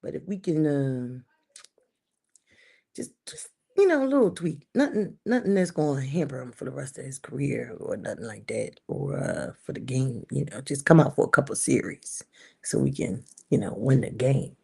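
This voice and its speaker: A woman hosting a livestream, ranting casually to her chat about her football team. She repeats lines for emphasis and swings between shouting and muttering. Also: a bass voice, normal speed, vocal fry, breathy edge. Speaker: livestream host. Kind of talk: casual sports rant to live chat.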